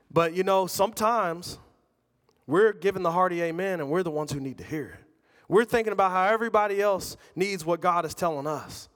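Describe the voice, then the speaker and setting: Preaching man in a reverberant hall. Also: a little high. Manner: conversational preaching with personal stories. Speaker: pastor. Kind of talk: sermon.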